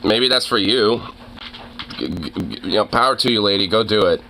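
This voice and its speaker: Rambling low-voiced man streamer. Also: normal speed, bright, forceful tone, a little hiss or hum. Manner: rambling, many fillers, swearing, laughs often. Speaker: streamer reacting to videos. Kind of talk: casual commentary.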